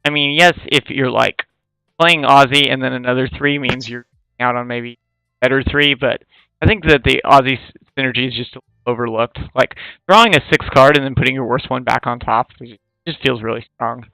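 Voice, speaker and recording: A man chatting as co-commentator on a card game tournament, talking in a halting, hesitant way. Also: medium pitch, vocal fry, sharp tone, smooth, no echo, rough recording.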